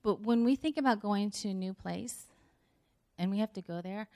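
A woman's voice: mid-range voice, moderate pace, mellow. A middle-aged woman giving a conversational sermon, telling a story with acted-out dialogue and laughter. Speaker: speaker.

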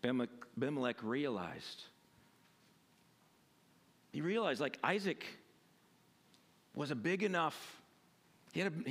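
A man's voice: sits high, a bit bright. A male pastor preaching a sermon and reading scripture in a casual, conversational way, with frequent fillers.

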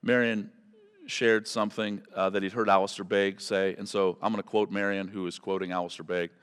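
A man's voice: lowish voice, flat delivery, a little fast, a bit bright, smooth. A man preaching as pastor, closing a sermon and praying, earnest and pleading, stumbling and correcting himself now and then. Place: church sanctuary. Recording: reverberant church hall.

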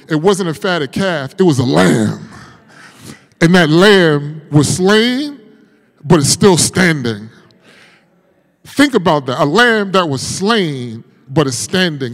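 A man preaching as a pastor, telling a personal story with feeling and moving from hushed passages to loud, fervent ones. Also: a little high, in a large hall. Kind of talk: sermon.

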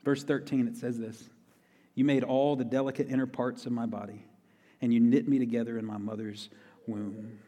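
A man's voice: medium pitch, little pitch movement, moderate pace, warm tone. A man preaching a sermon in a conversational way, repeating key phrases for emphasis. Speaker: pastor. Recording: long reverb of a large hall.

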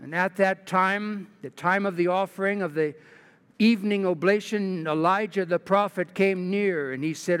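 A man preaching a sermon and reading scripture aloud, dramatic, with pitch climbing on quoted lines. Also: normal speed, a bit bright, clear, resonant tone, big-room sound.

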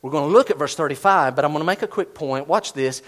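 A man preaching a sermon as pastor, swinging from loud emphasis to hushed asides and acting out quoted inner voices. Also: a little high, fast.

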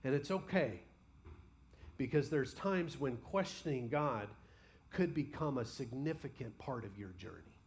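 A man preaching a sermon as pastor, passionately voicing honest prayers to God and then dropping to quiet, personal reflection. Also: medium pitch, expressive, a little slow, slight background noise. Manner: impassioned, voices imagined prayers aloud.

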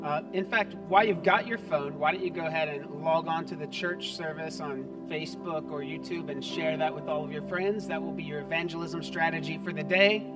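A man's voice: on the high side, fairly even intonation, a little fast, few pauses, recorded from a distance, over music. A man preaching a sermon to his church, upbeat and conversational, mixing jokes with scripture. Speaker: pastor. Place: church sanctuary.

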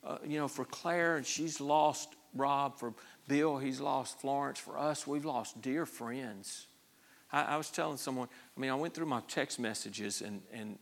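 A man pastor preaching a sermon, emphatic, often repeating words and swinging from hushed to loud. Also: medium pitch.

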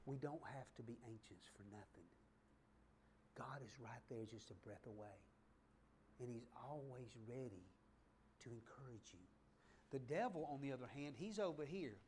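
A man preaching a sermon in a church, talking straight to the congregation and swinging between loud, fervent passages and soft, hushed asides. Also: medium pitch, expressive, moderate pace, long pauses, slight background noise. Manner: conversational, addresses the congregation directly. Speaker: pastor. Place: church sanctuary, in front of a congregation.

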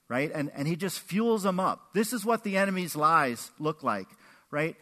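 A man pastor preaching a sermon, animated, acting out quotes with big swings in his voice. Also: fairly high pitch, moderate pace. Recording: echoey hall with long reverb.

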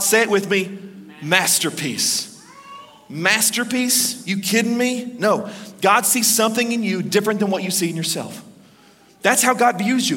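A man preaching a sermon as pastor, emphatic and storytelling, with dramatic pauses and acted quotes. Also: high-pitched, fairly bright tone. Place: church. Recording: reverberant church hall.

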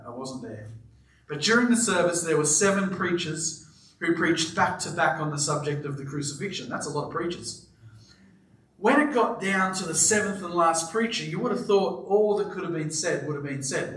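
Lively high-voiced preacher in echoey church. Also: male voice, brisk, recorded from a distance. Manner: animated storytelling with playful asides. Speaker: pastor. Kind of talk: sermon. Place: church auditorium with live congregation.

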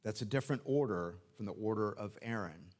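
A man's voice: lowish voice, brisk, darkish tone. Earnest male pastor preaching. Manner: earnest, asks rhetorical questions and repeats key phrases; explains scripture phrase by phrase. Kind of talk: expository sermon.

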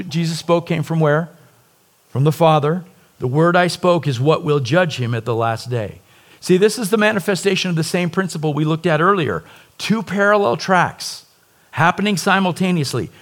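A middle-aged man preaching with a voice pitched a touch higher than most men's, delivering an earnest sermon. He presses his points with emphasis and keeps tossing rhetorical questions back to the listeners. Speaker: pastor.

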